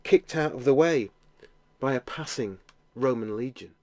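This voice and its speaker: A man narrating a guided imaginative prayer, telling the scene gently in the second person. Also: medium pitch, a little slow, no room sound.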